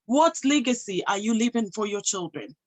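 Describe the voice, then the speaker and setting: A woman's voice: medium pitch, lively intonation, moderate pace, rough recording. A woman giving a motivational talk to an audience, emphatic, posing rhetorical questions and answering them herself. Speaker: motivational speaker and health professional.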